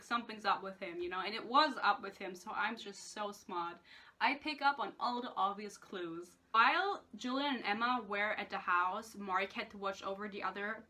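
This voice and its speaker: Bright-voiced young woman ranting sarcastically. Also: mid-range voice. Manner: sarcastic, swears a lot, lots of "like". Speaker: book reviewer. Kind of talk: casual rant review.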